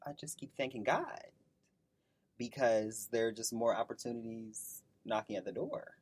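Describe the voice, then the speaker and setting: A woman's voice: rumbling low, moderate pace, a little mellow, husky. A young adult woman co-hosting a casual podcast, playful and joking, sometimes slipping into sing-song. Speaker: podcast co-host. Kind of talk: casual chat.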